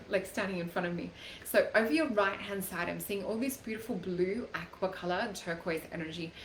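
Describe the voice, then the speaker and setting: Chatty woman host in an echoey room. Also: medium pitch. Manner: gentle, chatty, many fillers like "like" and "um". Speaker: psychic reader, live show host. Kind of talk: casual live-stream reading. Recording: echoey room, faint background noise.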